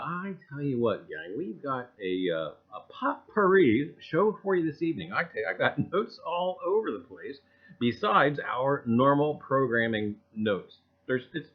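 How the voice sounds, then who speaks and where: Folksy guy hosting a livestream, greets everyone by name, goes up and down a lot, kinda muffled lo-fi audio. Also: high-pitched. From US Northeast. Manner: folksy, greets viewers by name, repeats "I tell you what". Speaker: livestream host. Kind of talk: casual livestream chat.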